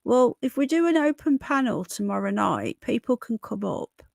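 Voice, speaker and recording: A woman in her early forties with a hoarse voice, hosting a casual livestream and chatting with viewers, calling them love and darling. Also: on the high side, sing-song, moderate pace, darkish tone, dry recording. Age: 40s. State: hoarse from illness. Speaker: livestream host. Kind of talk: casual live chat.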